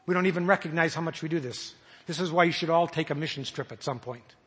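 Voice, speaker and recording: Speaking fast in a high, husky, fairly bright voice, a man delivers an earnest, searching sermon. He stumbles and begins again while voicing imagined prayers, and the long reverb of a large hall surrounds him.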